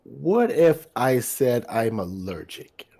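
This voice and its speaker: A male tabletop player talks slowly and haltingly, stalling with fillers and chuckling as he decides. His voice sits in a middle range. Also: mid-range voice, big pitch swings, gravelly, dark tone. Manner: hesitant, laughing, full of fillers. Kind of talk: casual tabletop play.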